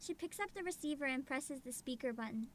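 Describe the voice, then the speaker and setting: A young woman streaming a game, reading it aloud and reacting with loud outcries and laughs. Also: sits high, expressive, a little fast, slight background noise. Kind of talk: casual gaming livestream.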